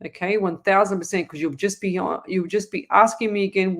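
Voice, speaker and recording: A woman's voice: medium pitch, lively intonation, normal speed. A woman, a psychic medium hosting a live show and answering viewer questions in a chatty, rambling way. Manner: chatty and rambling, with frequent restarts and asides. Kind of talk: casual live-stream chat.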